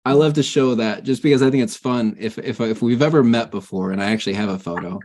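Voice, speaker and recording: A man hosts a relaxed interview in a middle-pitched voice. He asks his guest questions in a friendly way and makes light fun of himself. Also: fast. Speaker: interview host. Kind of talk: casual interview.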